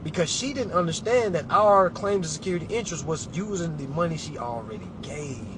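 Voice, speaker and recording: In a casual talk to camera, a man with a slightly high, expressive voice advises clients briskly and emphatically, almost preaching. He speaks colloquially, calling listeners "y'all" and "family," over a noisy background.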